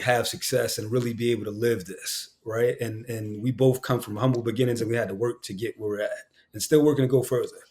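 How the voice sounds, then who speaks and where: A man from Queens, an actor and voice actor talking as a guest on a casual podcast, candid and emphatic, with lots of slang and swearing. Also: mid-range voice. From Queens, New York.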